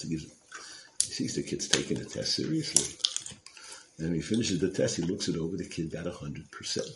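Male Torah lecturer, storyteller, loose and digressive, very low voice, echoey noisy recording. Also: expressive, brisk. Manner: casual, digressive, many fillers and asides. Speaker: Torah class speaker. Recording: roomy with clear background noise.

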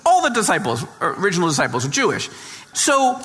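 A man from western New York telling a story as a speaker. His voice sits high and bright, swinging lively up and down. He talks in a chatty way, with lots of restarts. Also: a little fast. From western New York, USA. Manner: animated, chatty, with frequent restarts. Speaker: author. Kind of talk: storytelling speech.

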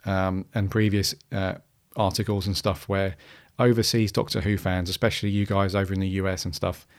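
A podcast host with a fairly low voice, talking loosely and circling back on himself. He fills his sentences with ums and restarts as he thinks aloud. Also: little pitch movement, a little fast. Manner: rambling, many restarts and fillers. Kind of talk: casual podcast monologue.

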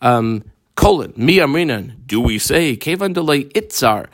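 A man teaching a Talmud lesson, reading Aramaic phrases and explaining them in English with many pauses and fillers. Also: mid-range voice, lively intonation.

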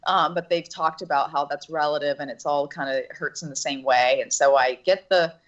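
Woman, low voice, candid personal storytelling, earnest and halting; slightly muffled recording. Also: fairly even intonation. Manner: earnest, halting, with restarts and nervous laughs. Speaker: actress and interview guest.

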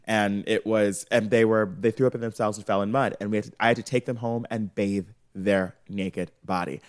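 A man's voice: lowish voice, fairly even intonation, fairly quick. A young man co-hosting a podcast, brash and foul-mouthed, with theatrical outbursts. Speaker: podcast co-host. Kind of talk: casual chat.

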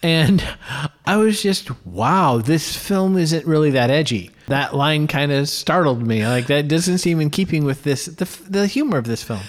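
A man co-hosting a casual film podcast, relaxed and chuckling often as he talks. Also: on the high side, moderate pace. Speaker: podcast co-host, filmmaker.

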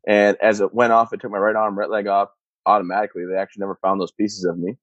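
A man in his thirties, a combat veteran, telling his own story in a steady, matter-of-fact way. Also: on the low side, fast talker, no room sound. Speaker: interview guest, combat veteran. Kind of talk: personal storytelling. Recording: dull muffled sound, dry.

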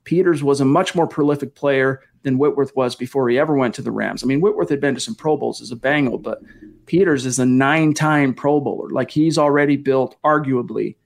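A man hosting a casual live-stream podcast, energetic as he reads out viewer messages and thanks donors. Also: medium pitch, a little fast, vocal fry. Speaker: podcast host.

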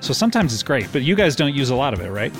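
A man's voice: mid-range voice, sing-song, rapid-fire. A man hosting a casual music podcast, telling stories with lots of fillers. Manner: rambling storyteller, many fillers. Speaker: podcast host.

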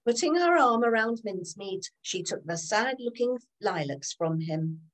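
A woman narrating a children's storybook in an expressive, animated way. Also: mid-range voice, measured pace, rough recording.

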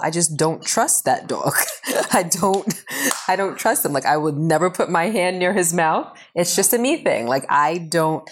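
Woman on a couples podcast, deep voice, teasing, keeps pushing her questions. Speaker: podcast co-host. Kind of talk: casual chat.

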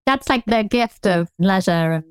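Southern English woman, historian guest, articulate and measured, mid pitch, dry close mic. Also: smooth, no room sound. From England. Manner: articulate, measured, lightly amused. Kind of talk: interview answers.

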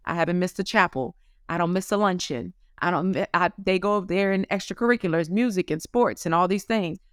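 A woman in her thirties with a smooth, slightly low voice tells stories in a casual interview. She is lively and acts out the quotes in her stories. The sound is dry and close. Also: a little fast, no echo. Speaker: business owner guest.

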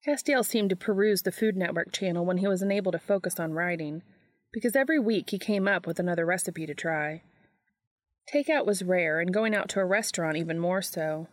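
A woman narrating a fan fiction audiobook in a steady, measured way. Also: lowish voice, no room sound.

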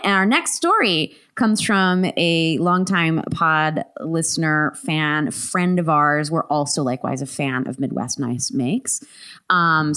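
A woman podcast host reading a listener's story aloud, animated, laughing often with quick asides. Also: on the low side.

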